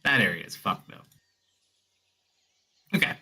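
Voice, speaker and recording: A man narrates a tabletop role-playing game as its dungeon master, with a bright, forceful tone. He rambles loosely from one point to the next and fills the gaps with little hesitations. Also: a little slow.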